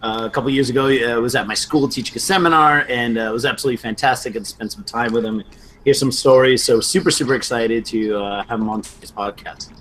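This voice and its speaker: A man's voice: medium pitch, fast talker, a bit bright, slight background noise, low-quality recording. A man who teaches martial arts, co-hosting a podcast and chatting with enthusiasm and some teasing. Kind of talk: casual podcast chat.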